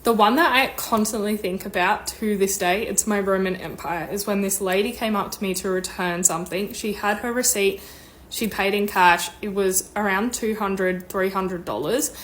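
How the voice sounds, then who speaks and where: A woman's voice: mid-range voice, fairly even intonation, normal speed, a bit bright, poor audio. A young woman wryly recounting her first retail job. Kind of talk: casual storytelling.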